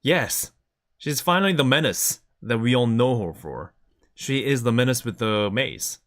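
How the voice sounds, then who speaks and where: A man's voice: mid-range voice, expressive, unhurried, fairly bright tone. A man chatting casually on a live stream, enthusiastically showing items to the camera.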